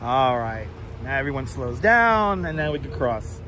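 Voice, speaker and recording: A man's voice: mid-range voice, big pitch swings, unhurried, pushed and bright. A man hosting a casual live stream as he walks outdoors, loose and profane, thanking viewers as he goes. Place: city streets outdoors. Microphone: wireless clip mic. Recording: outdoor street with light traffic noise.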